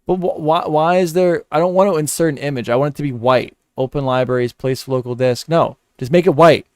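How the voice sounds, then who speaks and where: A man's voice: a little high, brisk, a little mellow, no echo, studio quality. A man doing live commentary while editing, muttering, repeating words under his breath and cursing in frustration. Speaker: commentary streamer.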